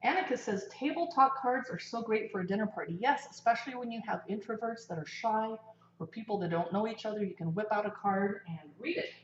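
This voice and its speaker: A woman's voice: mid-range voice, a little fast, a little hiss or hum. Chatty woman cooking live in an echoey kitchen. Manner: chatty, talks while eating and cooking. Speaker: livestream cooking host. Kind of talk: casual livestream cooking chat. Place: home kitchen. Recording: echoey kitchen, slightly dull sound.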